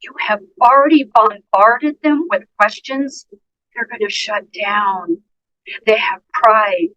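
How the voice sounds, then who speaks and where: A woman's voice: mid-range voice, slow pace, sharp tone, highs cut off. A woman nurse, a guest on a podcast interview, giving earnest, emphatic advice and speaking directly to listeners. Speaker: guest nurse and dementia care educator.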